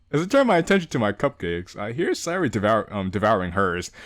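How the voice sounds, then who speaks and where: Young male gaming host, animated, jokey readthrough with frequent laughter. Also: mid-range voice, no echo, clean studio sound. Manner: animated, laughs often, reads and jokes. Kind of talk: casual let's-play narration of a visual novel.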